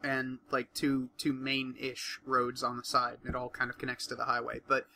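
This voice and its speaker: A man's voice: medium pitch, completely flat delivery, normal speed, gravelly, sharp tone. A man in a casual podcast chat, talking bluntly and swearing often. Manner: blunt and profane.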